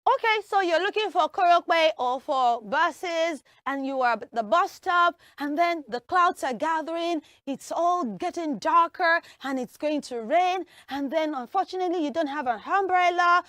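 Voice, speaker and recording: A woman teaching English usage, acting out everyday scenes with lively voices. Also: sits high, unhurried, dry recording, clean studio sound. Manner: animated, acts out everyday scenes. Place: television studio.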